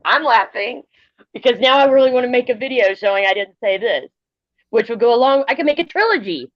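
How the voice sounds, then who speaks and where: A woman's voice: a little high, animated, fairly quick, no room sound. A woman co-hosting a livestream in casual chat, blunt and opinionated, talking at length. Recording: dull lo-fi stream audio.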